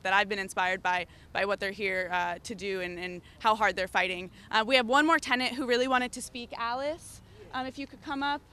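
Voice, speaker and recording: Woman, rally organizer, halting speech with fillers, smooth bright voice. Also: mid-range voice. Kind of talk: hesitant casual remarks.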